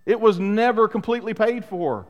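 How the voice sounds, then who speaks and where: A middle-aged pastor preaches a sermon to his congregation in a church sanctuary, emphatic and full of rhetorical questions. His voice sits high at a moderate pace, and the dull audio carries long hall reverb.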